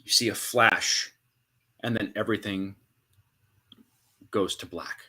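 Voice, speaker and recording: A man narrating a tabletop game as game master, with dramatic storytelling and hushed pauses. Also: lowish voice, fairly even intonation, slightly rough.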